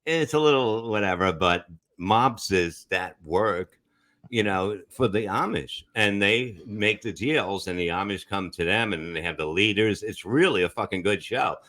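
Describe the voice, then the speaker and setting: A man's voice: lowish voice, animated, a little slow, bright, forceful tone. A man on a comedy podcast, rambling through casual banter, swearing constantly and repeating "you know what I mean". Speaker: podcast co-host.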